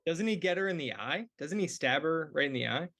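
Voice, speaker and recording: A man's voice: on the high side, expressive, fairly quick, a bit bright. A man co-hosting a casual comedy podcast, speaking in an earnest, sincere way. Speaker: podcast co-host.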